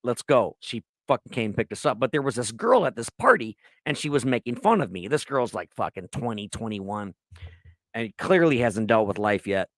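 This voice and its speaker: A man's voice: medium pitch, lively intonation, normal speed, no echo, studio quality. Profane rambling man in his thirties. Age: 30s. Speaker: podcast co-host. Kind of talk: casual chat.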